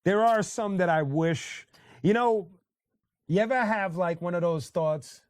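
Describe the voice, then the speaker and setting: A man's voice: sits high, unhurried, dry recording, clean studio sound. A man hosting a casual livestream, talking loosely with lots of fillers and restarts and greeting chatters by name. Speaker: livestream host reading chat. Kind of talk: casual chat.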